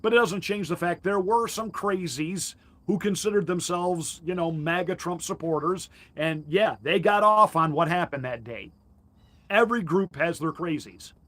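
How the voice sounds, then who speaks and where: A man's voice: high voice, moderate pace, fairly bright tone. A male pastor delivering a combative, mocking political commentary monologue with emphatic jabs.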